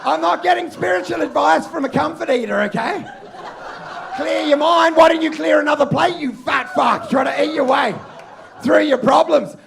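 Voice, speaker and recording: An Australian man performing a loud, ranting stand-up set on a comedy club stage, often shouting. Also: extremely high pitch, normal speed, vocal fry, crowd noise, noisy background.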